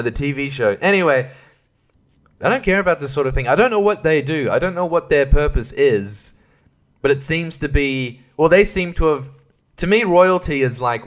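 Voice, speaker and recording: A man hosting a solo podcast, ranting in a profane, irreverent way and laughing mid-sentence. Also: medium pitch. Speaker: podcast host. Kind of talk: casual solo podcast rant.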